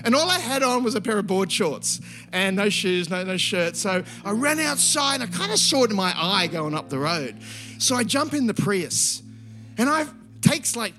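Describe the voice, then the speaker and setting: A man, preaching a sermon that moves from a lively story into earnest prayer. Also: high voice. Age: 50s. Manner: animated storytelling, then quiet earnest prayer. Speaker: pastor.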